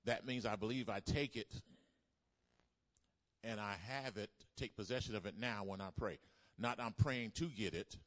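A man's voice: on the low side, normal speed, a bit bright. A man preaching a sermon, repeating key lines for emphasis and calling on the congregation to answer back. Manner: call-and-response preaching with emphatic repetition. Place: church service.

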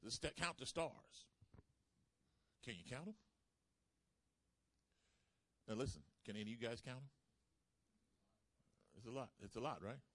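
A man preaching a sermon, calling out to the congregation and swinging between loud emphasis and soft asides. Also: mid-range voice, animated, moderate pace, pauses often, no echo. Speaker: pastor.

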